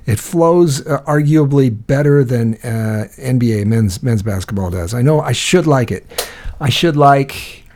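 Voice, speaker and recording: A man's voice: mid-range voice, unhurried, darkish tone, a little hiss or hum. A man in casual chat, talking in a laid-back, musing way.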